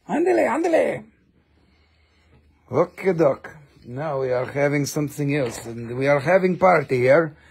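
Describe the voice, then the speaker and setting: A man's voice: fairly high pitch, darkish tone, breathy edge. A man voicing a pushy gem salesman who speaks in comic broken English and sells hard.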